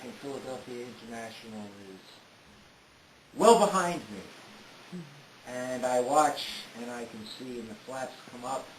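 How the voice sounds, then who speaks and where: A man telling a detailed first-person story in an unhurried way, often pausing on "uh". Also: mid-range voice. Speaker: storyteller recounting a trip. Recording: roomy with faint hiss.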